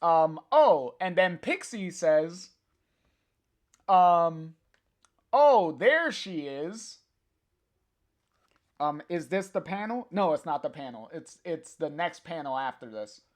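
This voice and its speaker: A slow, unhurried live-stream host reads a comic aloud and talks straight to viewers in the chat. The delivery halts often, with plenty of filler sounds and restarts. The pitch sits in a middle range. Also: animated, darkish tone. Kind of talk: casual live-stream read-along.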